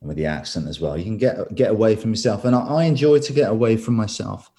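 Deep, mellow-voiced man with a Birmingham accent. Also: fast talker. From England. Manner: relaxed, self-deprecating, laughs between thoughts. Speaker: actor, guest. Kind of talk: casual interview answers.

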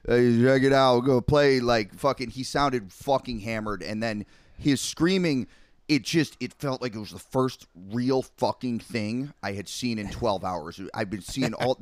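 A man's voice: medium pitch, a little slow, no room sound. A young man on a podcast, rambling in casual chat with heavy swearing and lots of filler words. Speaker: podcast co-host.

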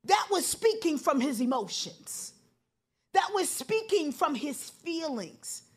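A middle-aged woman pastor preaching a sermon with an impassioned, repetitive building cadence that rises to shouts. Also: sits high, very animated, slow.

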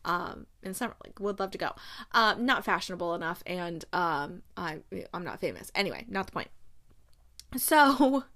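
A woman hosting a podcast, chatting casually and gushing about a romance novel, with quick asides and frequent laughs. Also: mid-range voice, pushed and bright. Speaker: podcast host. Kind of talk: casual book chat.

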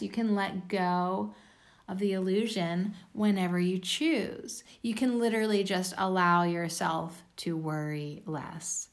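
Woman card reader, late-night casual reading, gravelly, unhurried, blunt and a bit cheeky. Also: medium pitch. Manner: blunt, swearing, self-mocking. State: tired.

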